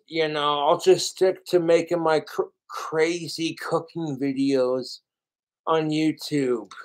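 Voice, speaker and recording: Profane rambling man on a livestream. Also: a little high. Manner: profane, self-pitying, meandering with restarts. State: drinking alcohol. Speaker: YouTuber livestreaming cooking videos.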